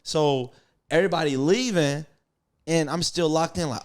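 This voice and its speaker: Higher-voiced man telling jokey stories. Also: fairly quick, a little mellow. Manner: joking storyteller, acts out quotes, heavy slang. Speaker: podcast co-host. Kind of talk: casual chat.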